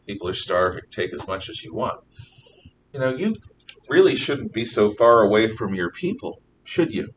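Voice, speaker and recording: A man voicing a meek, obliging king who speaks quietly and placatingly. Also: fairly low pitch, very animated, moderate pace, recorded from a distance, slight background noise.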